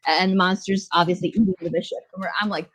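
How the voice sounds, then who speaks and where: Her voice is fairly low, slightly rough, and fairly bright, with fairly even intonation and a fast delivery. She's a woman co-hosting a podcast, chatting about a show with rambling profanity and laughing through scene retellings. Faint music sits beneath dull, lo-fi sound.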